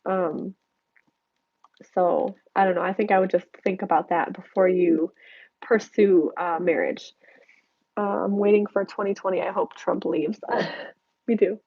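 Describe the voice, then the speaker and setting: Young woman doing a live q&a on a headset mic, kinda stuffy and hoarse from allergies, lots of ums, muffled lo-fi sound. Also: mid-range voice, fairly even intonation, unhurried, long pauses. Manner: candid, chatty, many fillers and restarts. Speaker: YouTuber answering live questions. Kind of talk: casual live Q&A chat. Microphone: headphones with mic.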